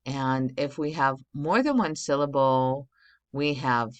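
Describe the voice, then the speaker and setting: A woman teacher walks young pupils through a recorded grammar lesson. Her voice sits low, and she moves along slowly and patiently, checking in with frequent okays. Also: muffled recording. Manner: patient, explains step by step, many okays.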